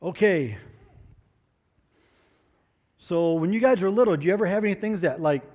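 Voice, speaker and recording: A man giving a children's moment in church, asking the kids gentle questions and coaxing answers. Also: sits high, normal speed, big-room sound. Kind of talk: children's sermon with props.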